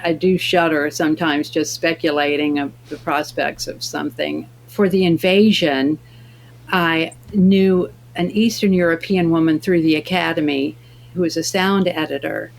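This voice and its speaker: A woman, an actress, talking as a guest in a remote interview and telling stories in a lively way, acting out the lines of the people in them. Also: low voice, vocal fry, a little hiss or hum. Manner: animated storyteller acting out dialogue.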